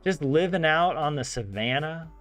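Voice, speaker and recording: A man's voice: on the high side, moderate pace. A man with a Southern American accent, chatting casually and rambling with lots of fillers as he studies a language on his vlog. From southern United States. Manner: rambling, many "like" fillers, animated asides. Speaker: language learner host. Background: soft game music.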